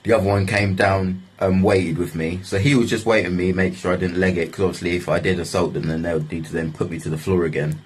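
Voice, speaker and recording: A man's voice: low voice, steady tone, quick pace, hardly any pauses, husky. A man telling a story in a loose, casual way, swearing freely and filling his talk with fillers.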